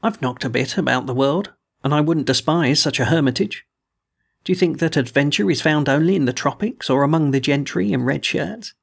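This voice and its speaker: A man doing a bold fugitive adventurer, gravelly. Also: fairly high pitch, fairly quick. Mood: urgent. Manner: bold and persuasive. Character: adventurous male fugitive hero spinning a tale.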